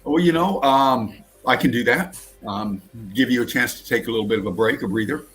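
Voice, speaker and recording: An easygoing man with a mid-pitched voice co-hosts a casual livestream and greets viewers by name. Faint music plays behind him. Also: a little fast, fairly bright tone, low-quality recording. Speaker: co-host. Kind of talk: casual chat.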